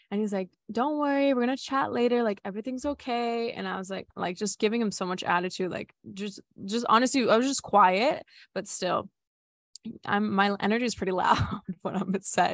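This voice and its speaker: A woman's voice: mid-range voice, gravelly. A young woman who runs retreats shares a personal story in an open, chatty way, leaning on "like" and dropping casual swears. Her voice sits in a middle register. The sound is close and dry, with no room echo. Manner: candid, filler-heavy with frequent "like", swears casually. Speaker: retreat facilitator.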